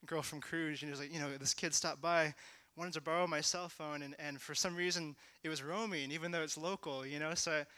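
A young man tells his testimony in a loose, chatty way, filling his sentences with "like" and "you know". His voice is bright and crisp, a little high for a man. It sounds close and dry, with no room around it. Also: steady tone, a little fast, no room sound. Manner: casual, lots of "like" and "you know", rising to shouts. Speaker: speaker sharing a testimony. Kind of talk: testimony talk.

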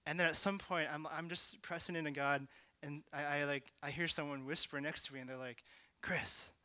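A young man sharing a testimony in a casual, rambling way, full of "like" and "you know", at times rising to shouting. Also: on the high side, steady tone, brisk, clear, resonant tone, no room sound. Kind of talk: testimony talk.

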